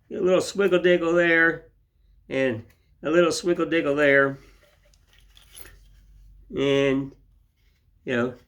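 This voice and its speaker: A man's voice: mid-range voice, fairly bright tone. An older man hosting a woodcarving channel, chatting in a rambling, folksy way while he shows his work. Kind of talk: casual tutorial chat.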